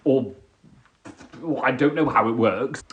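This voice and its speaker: A man's voice: medium pitch, a little slow, muffled recording. A man hosting a live stream in casual chat, who repeats and restarts his words often. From England. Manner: chatty, stammering restarts, giggly.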